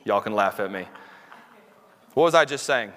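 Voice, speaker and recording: A man preaching a sermon in a small church room, intense and animated, acting out quotes as he goes. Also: lowish voice, moderate pace. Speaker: pastor. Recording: long hall reverb.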